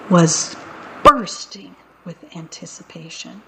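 A woman reading picture books aloud in a playful, unhurried storytelling manner. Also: lowish voice, steady tone, fairly bright tone, poor audio.

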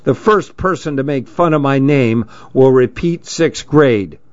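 A man's voice: medium pitch, measured pace, dull audio, lightly acted. A man playing a stern bald schoolteacher. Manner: barking orders, clipped and strict. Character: stern stubby bald male schoolteacher, angry.

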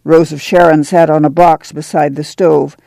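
A woman reads a novel aloud in a steady, even narration. Her voice is mellow with a gravelly edge, recorded dry and close. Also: low-pitched, normal speed, no room sound. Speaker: audiobook narrator. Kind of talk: scripted narration.

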